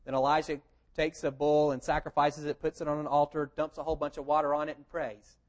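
A man preaching a sermon, telling the story in a lively conversational way and asking rhetorical questions. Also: fairly high pitch, fast talker. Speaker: pastor. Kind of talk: expository sermon.

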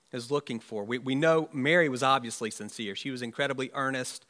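A man's voice: mid-range voice, pushed and bright. A man, a pastor, preaching an Easter sermon in a conversational, musing way with rhetorical asides.

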